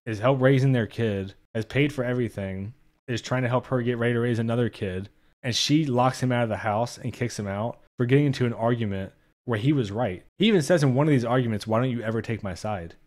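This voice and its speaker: A man's voice: mid-range voice, a little mellow. A young man giving a casual spoken movie review, blunt and profane, openly exasperated.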